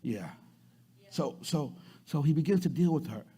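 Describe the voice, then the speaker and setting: A man pastor preaching a sermon, repeating words and swinging from loud to soft. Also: fairly high pitch, lively intonation, moderate pace, husky.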